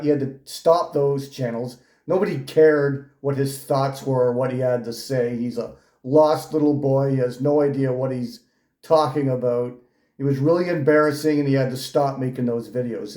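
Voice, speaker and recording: A man's voice: mid-range voice, mellow, echoey room. A man giving mocking reaction commentary, sneering and ridiculing someone as he talks. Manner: sneering, ridiculing, with frequent laughs.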